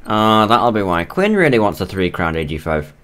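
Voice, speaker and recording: A man's voice: deep voice, big pitch swings, normal speed, fairly bright tone. A man streaming a co-op game, chatting casually and joking with his teammate while he plays. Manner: chatty, jokey, mock British and Australian voices. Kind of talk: casual co-op gaming chat.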